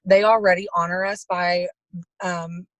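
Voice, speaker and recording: A woman's voice: on the low side, flat delivery, unhurried, no echo. A woman who shares a heartfelt conference recap on a video call, earnest and full of fillers. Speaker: team member sharing a conference recap. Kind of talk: casual testimonial on a video call.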